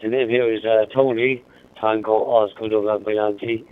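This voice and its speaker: Irish man, radio chat, flat steady pitch, smooth clear voice, phone-like radio sound. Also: moderate pace. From Ireland. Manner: warm-mannered, repeats his call sign. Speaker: amateur radio operator. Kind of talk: casual radio contact chat. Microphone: mobile radio. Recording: narrow-band two-way radio audio.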